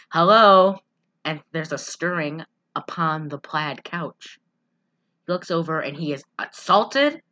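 Casual podcast co-host, woman, bright and forceful tone, slightly low voice, laughs a lot while retelling a movie. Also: muffled recording. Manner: giggly, rambling, acts out quotes. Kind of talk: casual chat recapping a movie.

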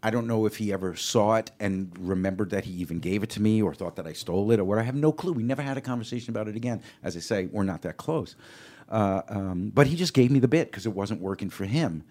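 Low-voiced older man telling stories. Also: fast. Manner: animated storyteller who acts out quoted exchanges. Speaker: comedian guest. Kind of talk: casual chat, storytelling.

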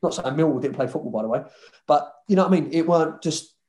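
A man's voice: a little high, fast. A man, a former footballer telling stories in a casual interview, swearing and acting out conversations. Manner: swearing, animated retelling with quoted dialogue.

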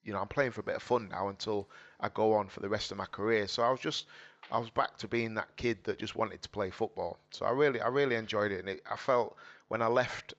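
Earnest low-voiced man. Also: fast talker, fairly bright tone. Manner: earnest, emotional, repeats phrases and quotes his dad. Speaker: guest, former footballer turned boxer. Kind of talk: candid conversational storytelling. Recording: dull lo-fi audio.

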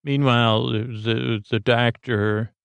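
A man's voice: mid-range voice, flat delivery, slow, creaky, fairly bright tone, clear, resonant tone, dry recording. A man hosting a sleep podcast, casually retelling a story in a meandering way full of "uh" and "like". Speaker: podcast host.

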